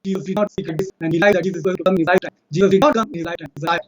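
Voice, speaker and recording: A man with an Indian accent arguing in a fast, insistent debate monologue, citing verses and repeating his points. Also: high voice, steady tone, rough recording. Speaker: religious debater.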